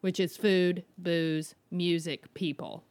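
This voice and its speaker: A woman co-hosts a casual podcast over a video call in an even, everyday voice. She talks things through practically, laying out plans step by step. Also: fairly low pitch, slow. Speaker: podcast co-host.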